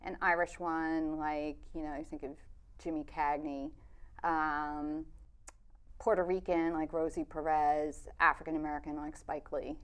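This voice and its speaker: A woman filmmaker answering interview questions in a thoughtful, measured way, pausing on fillers. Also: low-pitched, little pitch movement. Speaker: documentary filmmaker, interview guest.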